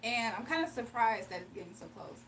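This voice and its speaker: A woman's voice: on the high side, expressive, fairly quick, a bit bright, recorded from a distance, a little hiss or hum. A young woman hosting a casual livestream, chatting with viewers, reading their comments aloud and laughing often. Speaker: livestream host giving spiritual readings.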